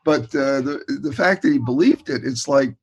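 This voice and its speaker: An older man, a guest expert in a casual interview, talking with warm enthusiasm and often repeating words. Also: medium pitch, moderate pace, breathy edge, muffled recording. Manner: warm, enthusiastic, repeats words and says "you know" a lot.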